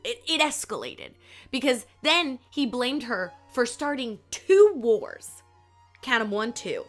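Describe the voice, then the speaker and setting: A woman's voice: on the high side, expressive, slow pace, faint music behind. A woman with a Southern US accent hosting a history podcast, narrating with sarcastic, playful jokes and asides.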